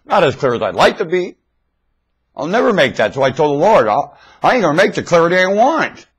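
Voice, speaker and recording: A man talking into a webcam in a rambling, blunt monologue, swinging between loud emphatic outbursts and low mutters. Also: sing-song, brisk, breathy edge. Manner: blunt, confrontational. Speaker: webcam video maker. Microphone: webcam microphone.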